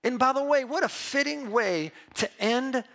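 A man preaching a sermon as pastor, emphatic and lively, mixing Bible reading with personal stories told with restarts. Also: very high-pitched, normal speed, gravelly. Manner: repeats words and restarts when telling stories.

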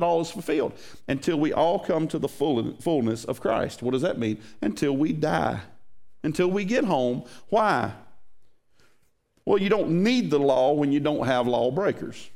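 A man preaching a sermon to his congregation in a folksy, animated way. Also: high voice. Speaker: pastor.

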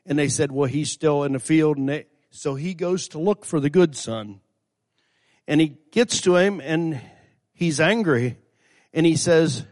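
A man's voice: on the high side, moderate pace, a little mellow. A middle-aged man preaching a sermon. He retells a story in a folksy way, repeats himself, and rises to fervent emphasis. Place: church sanctuary. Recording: long hall reverb.

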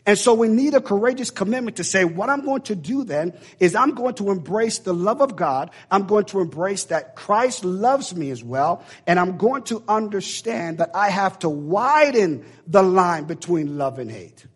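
A man's voice: high-pitched, lively intonation, moderate pace, hardly any pauses, slightly rough. A man preaching a sermon in an emphatic, repetitive, preacherly way.

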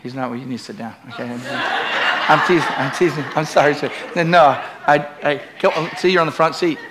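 A middle-aged man preaching in church with a slightly high voice. He climbs into loud, emphatic peaks, then drops into easy, joking talk with the congregation. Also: a little fast, heavy background noise. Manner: swings from loud preaching to chatty asides with the congregation. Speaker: pastor. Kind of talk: sermon.

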